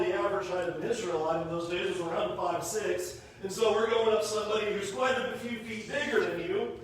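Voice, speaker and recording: A man preaches a sermon, retelling the story with lively animation. His voice sits high. It is recorded from a distance in an echoey church with faint room noise. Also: fairly quick, hardly any pauses. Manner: animated storytelling, acting out quotes. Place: church sanctuary. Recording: echoey hall, mic from a distance.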